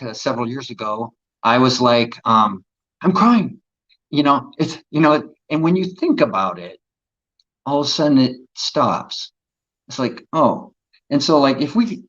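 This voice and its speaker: A man's voice: medium pitch, fairly bright tone, lo-fi sound. A man, an actor as an interview guest, telling earnest, reflective stories about his craft. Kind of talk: casual interview chat.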